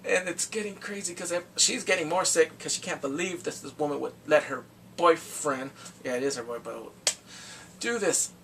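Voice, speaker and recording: A man recapping a TV drama in casual talk, acting out the characters' lines in quick animated bursts. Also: a little high, vocal fry, recorded from a distance, a little hiss or hum. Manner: animated, acts out quotes from the show in quick bursts. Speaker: drama reviewer.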